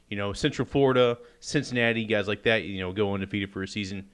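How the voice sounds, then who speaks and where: A man's voice: fairly low pitch, fairly quick, fairly bright tone. A man co-hosting a casual sports podcast, blunt and opinionated, often restarting his words. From American South. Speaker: podcast co-host.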